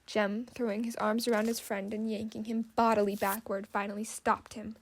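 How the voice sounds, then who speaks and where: A woman narrating an audiobook in measured, scripted storytelling. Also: medium pitch, flat delivery, gravelly.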